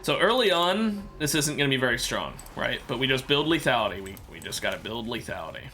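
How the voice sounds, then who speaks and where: A man's voice: mid-range voice, sing-song, fast, pushed and bright, soft background music. A man streaming a video game, rambling and correcting himself in casual commentary while sounding sleepy and yawning.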